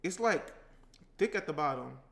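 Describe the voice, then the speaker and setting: A playful man with a high, bright voice and chats loosely while he cooks. He talks to his viewers in a chatty, joking way. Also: animated, moderate pace, gravelly. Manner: chatty, playful, breaks into singing and rapping. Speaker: cooking vlogger. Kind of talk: casual chat while cooking.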